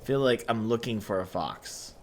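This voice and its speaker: A man hosting a gaming channel, giving quiet, soft-spoken let's-play commentary and musing aloud as he explores. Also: on the low side, lively intonation, normal speed, slight background noise.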